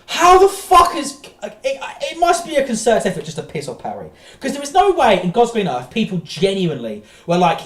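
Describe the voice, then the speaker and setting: A woman's voice: mid-range voice, huge pitch swings, moderate pace, few pauses, roomy sound. A woman streamer ranting profanely in exasperated reaction commentary.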